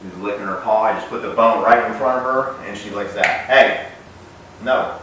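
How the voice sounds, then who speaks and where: Talking fast in a fairly low voice, a young adult dog trainer casually explains puppy training while handling the dog, keeping a relaxed tone and giving the puppy bright, sharp commands. It's a casual instructional demo recorded in a very echoey room from a distant mic, with a little hiss or hum.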